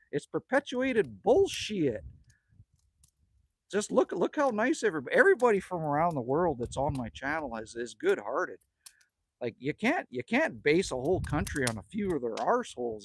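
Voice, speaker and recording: A Canadian livestream host from Manitoba rambles, jokes and reads chat aloud during casual chat inside a cabin with a wood stove. His high voice has big pitch swings, a slightly rough quality and a moderate pace, with no room sound.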